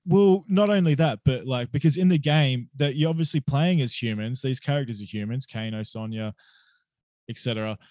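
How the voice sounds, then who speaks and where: A young Australian man chats on a podcast in a loose, easygoing way, swearing and laughing often. His voice sits at an ordinary pitch. The sound is dry and a little dull. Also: moderate pace, a little mellow, no echo. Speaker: podcast host. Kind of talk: casual chat.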